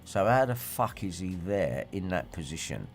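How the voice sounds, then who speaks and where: A man's voice: low-pitched, sing-song, normal speed, soft background music. A man, ranting and swearing in a rambling livestream monologue and reacting to viewer comments. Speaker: livestream host.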